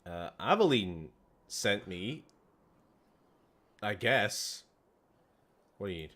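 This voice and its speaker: A man's voice: lowish voice, sing-song, slow, bright, forceful tone. A Welsh man giving casual, jokey commentary while streaming a game, laughing often. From Wales.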